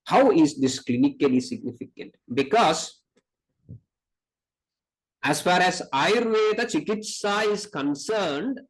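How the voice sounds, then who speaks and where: Slow, emphatic Indian male lecturer. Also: sits high, animated, poor audio. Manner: slow, emphatic, repeats key points, quotes Sanskrit verses. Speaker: Ayurveda lecturer. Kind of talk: academic lecture.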